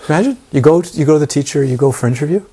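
A man's voice: fairly high pitch, animated, rapid-fire, dark tone, slightly rough. A man teaching meditation to a group, asking his listeners repeated rhetorical questions and repeating words for emphasis. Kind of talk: dharma talk to a group.

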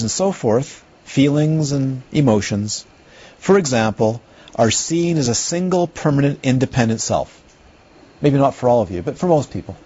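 A middle-aged man gives a Buddhist philosophy lecture, wandering off into asides and checking in with his listeners. His voice is mellow and a little husky. The recording is dull and lo-fi. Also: mid-range voice. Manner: rambling, conversational, checks in with listeners. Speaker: Buddhist teacher. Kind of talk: lecture to a class.

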